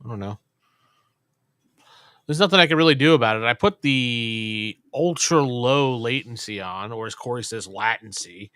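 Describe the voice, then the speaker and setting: A man's voice: medium pitch, normal speed, fairly bright tone, smooth, no room sound, clean studio sound. A man hosting a casual live stream chat, laid-back and trailing off with ums.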